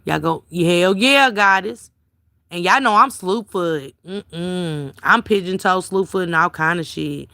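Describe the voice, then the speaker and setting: A woman runs a casual livestream, reading comments aloud and answering viewers by name. Her voice is bright and forward. The sound is close and dry, with no room around it. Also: on the low side, a little slow, no room sound.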